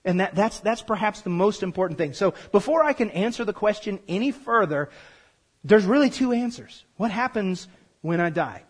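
A high-pitched man preaching a sermon. He stresses key words and repeats himself, dropping low for explanation and rising loud for declarations. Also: expressive, normal speed, slightly rough. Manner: emphatic, repeats words, swings from quiet to loud. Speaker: pastor.

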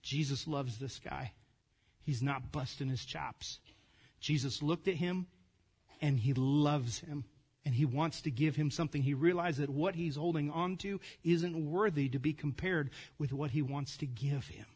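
A man with a fairly high voice preaches in an easygoing, conversational way. He calls the congregation "gang" and speaks to them directly. He drops to quiet asides, then comes back up with loud, punchy emphasis. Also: unhurried, slightly rough. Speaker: pastor. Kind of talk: casual conversational sermon.

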